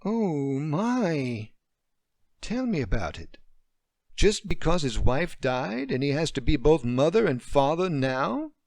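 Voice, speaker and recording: A man voicing an excitable, overanimated adult woman friend who giggles as she talks, in a storybook reading. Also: deep voice, slow pace, dry recording, studio quality, pitched above the performer's own voice, exaggerated voice. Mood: indignant.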